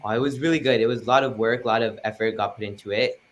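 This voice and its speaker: A man's voice: mid-range voice, fairly even intonation, racing, slight background noise. A teenage boy, a guest musician, answering interview questions politely and eagerly. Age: teens.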